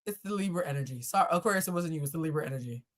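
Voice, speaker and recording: A woman's voice: low voice, rapid-fire. Tarot reader, woman: loose live-stream host who jokes, laughs and swears easily, talking with viewers into a laptop setup. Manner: animated, joking, laughing, swearing, chatting with viewers. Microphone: laptop or camera setup.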